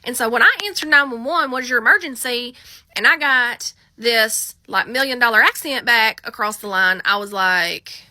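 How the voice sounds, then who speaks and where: A woman's voice: on the high side, moderate pace, hardly any pauses, pushed and bright, dry recording. An American woman who works as a 911 dispatcher, telling a story in a chatty, wry storytime style. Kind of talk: casual storytime vlog.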